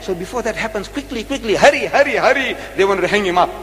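A man's voice: high voice, lively intonation, fast talker, a bit bright, in a large hall. A man giving a rhetorical religious lecture to an audience, repeating phrases and firing questions at them. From South Africa. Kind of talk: public religious debate lecture.

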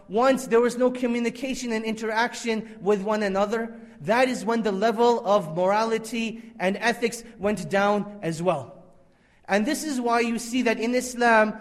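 A man's voice: very high voice, in a large hall. A man giving an Islamic conference lecture, emphatic and repetitive, with Arabic religious phrases woven in. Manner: emphatic, repeats key phrases for effect.

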